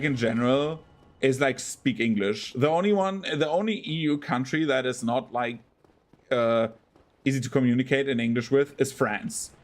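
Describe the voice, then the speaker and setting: Rambling man streaming a game. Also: medium pitch. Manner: rambling, full of fillers, bursts into panicked yelps while playing. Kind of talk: casual gameplay commentary.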